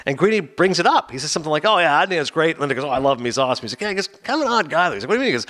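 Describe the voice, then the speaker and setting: A man's voice: fairly high pitch, rapid-fire. A man co-hosting a podcast in casual chat, telling stories with energy and acting out the voices of the people in them. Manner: animated storyteller, acts out quoted voices. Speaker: podcast co-host.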